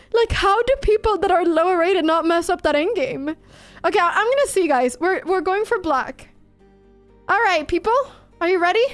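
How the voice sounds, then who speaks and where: Giggly woman chess streamer, very high voice. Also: animated, moderate pace, soft background music. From Sweden. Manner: giggly and self-mocking, laughs often. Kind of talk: casual commentary over online games.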